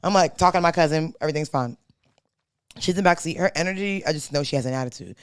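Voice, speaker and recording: Speaking quickly in a clean, echo-free studio recording, a young woman whose voice sits low co-hosts a podcast. Her storytelling is casual, slangy and profane, and she animatedly performs the quotes of the people involved.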